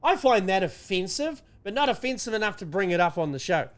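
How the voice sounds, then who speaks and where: New man, high-pitched voice, sweary sarcastic rant, casual podcast co-host. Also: big pitch swings, a little fast.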